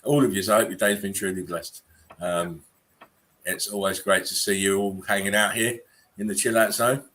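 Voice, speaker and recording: A man's voice: fairly low pitch, fairly even intonation, moderate pace, fairly bright tone. A man hosting a laid-back livestream chat, greeting viewers by name and laughing often. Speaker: host.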